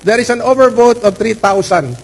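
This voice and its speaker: A man with a Filipino accent, a lawyer making a formal, measured statement to a hearing board, stressing key words. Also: very high voice, gravelly, poor audio. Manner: measured, formal, repeats for emphasis.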